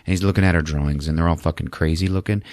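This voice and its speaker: Guy with a real low voice telling a movie plot, swears a lot, dry sound. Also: steady tone, racing, darkish tone, no room sound. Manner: loose, profane storytelling with lots of fillers. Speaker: podcast host. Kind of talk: casual movie recap.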